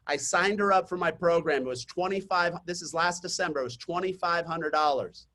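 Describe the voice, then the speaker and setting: A man with a fairly high voice runs an online real estate marketing webinar. He talks straight to his audience in a chatty, storytelling way, mixing tips with a sales pitch. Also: brisk, pushed and bright.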